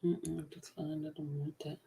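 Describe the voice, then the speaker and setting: A woman's voice: low voice, level tone, moderate pace, gravelly, dark tone. A woman hosting commentary, reacting to a book reading with lots of exclamations and talk aimed at her viewers. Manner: laughing, exclaiming, talking to viewers. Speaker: commentary host.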